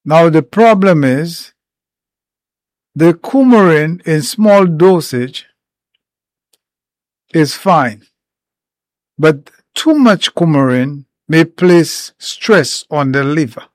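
A man explaining herbal remedies in an informal talk, unhurried and step by step, with many pauses. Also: on the high side, lively intonation, no room sound. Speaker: herbal educator.

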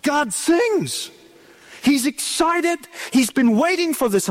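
A middle-aged man preaching a sermon, dramatic and animated, drawing out key words in a sing-song way. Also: extremely high pitch, moderate pace.

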